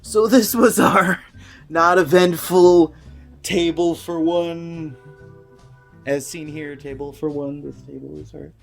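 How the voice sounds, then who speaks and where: A woman's voice: sits low, fairly even intonation, takes it slowly, vocal fry, soft background music. A young woman co-hosting a casual home vlog, teasing and laughing often, recorded on a camera mic at home. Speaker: vlog co-host.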